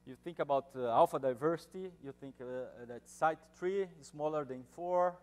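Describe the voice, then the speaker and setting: A man's voice: on the high side, moderate pace, a little mellow. A man with a Brazilian Portuguese accent giving an academic seminar talk, speaking informally with jokes, many fillers and restarts.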